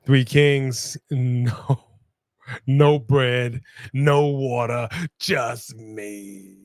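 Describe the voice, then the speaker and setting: A man co-hosting a casual live stream and reacting to what he watches. He shouts advice at the screen in an animated way. His voice is mid-pitched and dry, close to the mic. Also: very slow, no room sound. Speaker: co-host.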